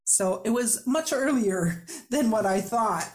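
A woman's voice: on the high side, expressive, takes it slowly, a little mellow. A woman hosting a podcast interview, chatty and upbeat, who laughs often as she talks. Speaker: podcast host. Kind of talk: casual interview chat.

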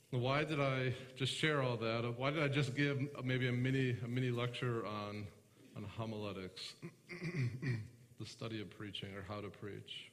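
A male pastor delivers a conversational sermon at a mid-range pitch, checking in with listeners through questions. He slows right down when reading verses aloud and clears his throat often. His voice rings out with a long echo, as in a church hall. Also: a bit bright. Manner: conversational, asks the congregation questions; slows down to read scripture aloud.

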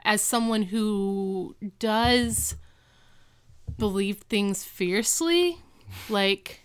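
A woman's voice: medium pitch, very slow, smooth, no room sound, studio quality. A woman co-hosting a podcast, chatting casually as she recaps a TV episode and acts out lines in quoted voices. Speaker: podcast co-host.

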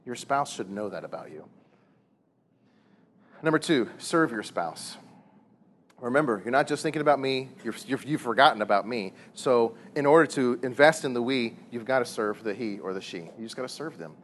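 A man in his thirties preaching a sermon on marriage, animated and full of rhetorical questions and repeated words. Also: medium pitch, moderate pace, a little hiss or hum. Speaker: pastor.

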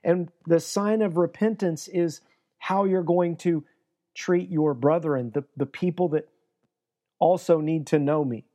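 A man's voice: on the high side, unhurried, dark tone. A man preaching a sermon, earnest, briefly acting out the people in the scripture story. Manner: earnest, acts out quoted dialogue. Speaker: pastor.

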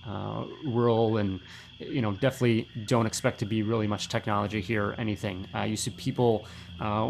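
A man's voice: medium pitch, slight background noise. A man narrating a tabletop role-playing game as game master, loose and descriptive with lots of fillers.

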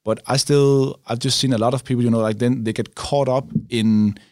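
A man's voice: medium pitch, steady tone, fairly quick, a little mellow, no echo, clean studio sound. A man in casual podcast chat, reflective, often checking in with "right?". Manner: reflective, frequent "right?" tags. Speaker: YouTuber, podcast co-host.

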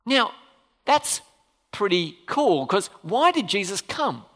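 Lively preacher in a reverberant hall. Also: medium pitch, takes it slowly. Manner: animated, peppered with questions to the congregation. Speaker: pastor. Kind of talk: sermon.

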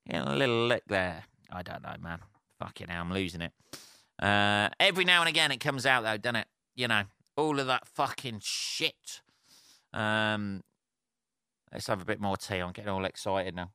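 A sweary man rants alone into a close podcast mic, rambling and laughing at himself. His voice is bright and forceful, and the sound is dry with no room around it. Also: mid-range voice, lively intonation, unhurried, smooth, no room sound. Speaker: podcast host. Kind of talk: casual solo podcast rant.

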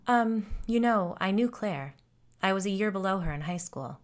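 A woman's voice: mid-range voice, animated, moderate pace, lightly acted. A woman voicing a friendly, self-deprecating grown woman who is frightened of something from her childhood, in a storybook reading. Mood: chatty. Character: nervous grown woman haunted since childhood.

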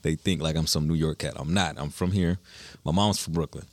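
A man's voice: a bass voice, fairly even intonation, brisk, a little hiss or hum. A young man telling stories in casual, slangy talk as a musician guest in an interview. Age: young adult. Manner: laid-back slangy storytelling.

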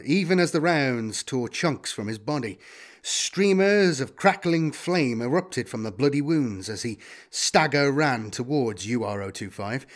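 Male audiobook narrator, expressive, mid-pitched, animated delivery. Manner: dramatic, expressive.

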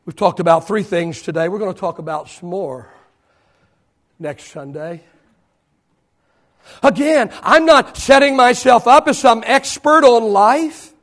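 A man in his fifties preaching a sermon to a church, swinging between loud declarations and hushed whispers. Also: high-pitched, measured pace, pauses often. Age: 50s. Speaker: pastor.

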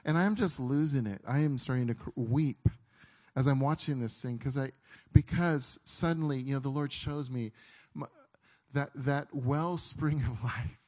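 A man's voice: medium pitch, darkish tone. A middle-aged man preaching a sermon, telling a story in an earnest way that halts and restarts often. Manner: earnest, halting, with frequent restarts.

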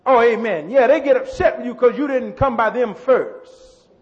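A pastor preaching a sermon. He builds to shouts, repeats words and calls out to the congregation. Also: very high-pitched, animated, normal speed. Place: church. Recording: muffled church hall with long echo.

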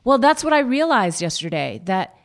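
A woman telling a personal story in a candid, halting way, with many restarts. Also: fairly high pitch, very animated.

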